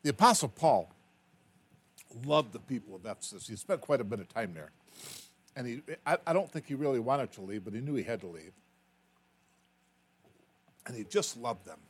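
A male preacher delivering a sermon, his pitch swinging widely as he tells a personal story. He repeats words and builds to emphatic peaks, then drops soft and low. His voice sits at an ordinary middle pitch. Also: big pitch swings, moderate pace, long pauses, slightly rough.

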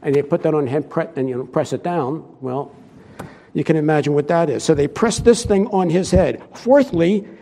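A man's voice: on the high side, normal speed, vocal fry, dark tone, long reverb tail. A male preacher giving a conversational sermon, asking his listeners questions as he goes.

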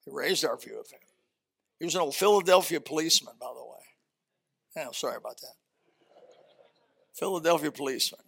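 Male pastor, sermon, gravelly, raised pitch, folksy and animated delivery. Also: fast talker. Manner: animated preaching, folksy asides, swings from shouting to quiet.

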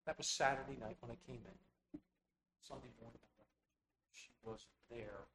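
A man preaching a sermon, telling rambling personal stories full of quoted dialogue in an animated way. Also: mid-range voice, moderate pace, crowd noise, rough recording. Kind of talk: sermon storytelling.

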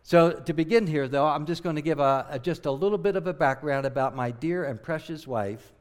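Middle-aged male missionary preacher from southern New Jersey, slightly high, earnest and emphatic delivery. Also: fairly quick. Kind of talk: sermon.

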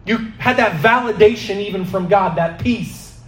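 A man's voice: sits high, moderate pace, fairly bright tone, reverberant. A man preaching a sermon, emphatic and questioning, who keeps asking the congregation rhetorical questions. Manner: emphatic, asks the crowd repeated questions.

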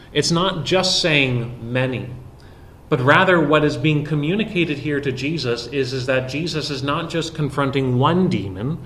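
A man preaching an expository sermon, explaining a Bible passage verse by verse with frequent pauses. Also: mid-range voice, a bit bright, slight background noise.

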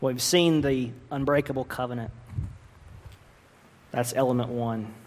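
A man's voice: medium pitch, fairly even intonation, measured pace. A man preaching a sermon earnestly, with emphatic rises in his voice. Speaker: pastor. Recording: long reverb of a large hall.

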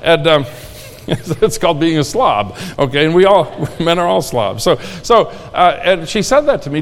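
A male pastor preaches in an earnest, folksy manner and often repeats his key lines. His voice sits a little high for a man. The sound has the long reverb of a church sanctuary. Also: big pitch swings, normal speed. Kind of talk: sermon.

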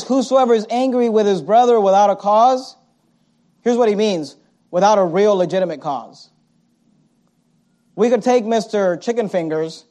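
A male pastor preaching a sermon, swinging from loud, punchy lines to quiet asides and mimicking his listeners' excuses. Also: sits high.

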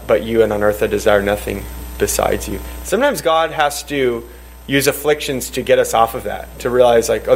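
A man's voice: medium pitch, a little hiss or hum, rough recording. A man leading a church Bible study. He teaches in a rambling way, restarts his sentences often and quotes scripture. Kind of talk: teaching and leading group discussion.

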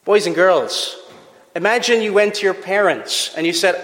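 Bright-voiced preacher in echoing hall. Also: male voice, high voice, moderate pace. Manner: emphatic, with rhetorical questions to the congregation. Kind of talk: sermon. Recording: echoey church hall with long reverb.

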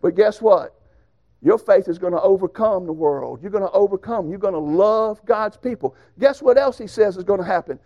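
A man preaches in a folksy, emphatic storytelling manner. His voice sits high for a man. The recording is a little dull and muffled. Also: animated, normal speed, warm tone. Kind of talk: sermon with personal stories.

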